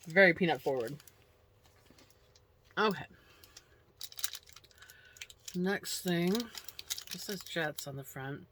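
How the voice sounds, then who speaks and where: Low-voiced woman tasting snacks on camera. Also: a bit bright, slight background noise. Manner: chatty, unhurried, murmurs while chewing. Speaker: snack review vlogger. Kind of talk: casual snack taste-test commentary.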